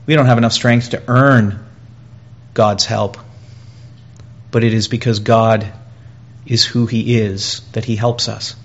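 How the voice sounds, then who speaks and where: A man preaching a sermon in an earnest way, repeating phrases and pausing, and growing louder and higher when he voices pleas. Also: fairly even intonation, highs cut off. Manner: earnest, with pauses and repetition, rising and louder in quoted pleas.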